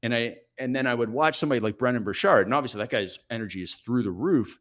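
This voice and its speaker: A man in his forties, a coach guest on a podcast, telling stories in a brisk, energetic, self-reflective way. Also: medium pitch. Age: 40s. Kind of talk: podcast interview, storytelling.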